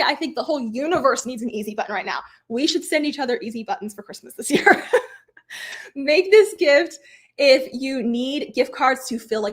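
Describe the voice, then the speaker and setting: Upbeat chatty woman, slightly high. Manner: chatty, upbeat, self-deprecating. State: slightly hoarse, losing her voice. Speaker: craft workshop host. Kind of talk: live craft tutorial.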